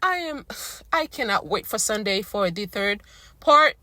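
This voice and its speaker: A woman's voice: mid-range voice, lively intonation, unhurried, bright, forceful tone, no room sound. A woman ranting casually to her viewers in a blunt, slangy, exasperated way while she is losing her voice. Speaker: recap vlogger. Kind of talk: casual rant to camera.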